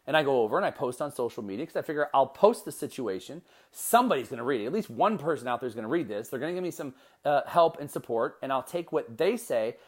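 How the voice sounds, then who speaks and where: A male podcast host talking on his own in an energetic, conversational way. His pitch swings widely as he tells his story, and he restarts sentences and tosses in quick asides. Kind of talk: solo motivational podcast talk.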